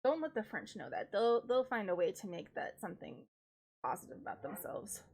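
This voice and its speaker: A woman's voice: medium pitch, very animated, brisk, gravelly, a little mellow. A woman from the United States chatting casually on a live stream, ranting wryly and laughing often, congested from a cold.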